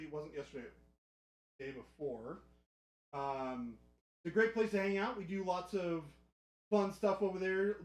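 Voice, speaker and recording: High-voiced man hosting a casual live stream. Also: echoey room. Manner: chatty and joking with chat. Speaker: livestream host. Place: hobby studio.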